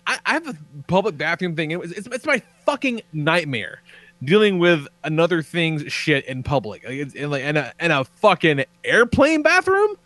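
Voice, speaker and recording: A man hosting a podcast, telling a story in casual, profane, excitable chat. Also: a little high, moderate pace, no room sound. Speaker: podcast host.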